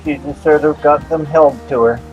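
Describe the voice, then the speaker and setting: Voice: mid-range voice, steady tone, normal speed, highs cut off. A pet vlogger in their fifties, chatting casually and cooing playfully while narrating footage. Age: 50s. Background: background music.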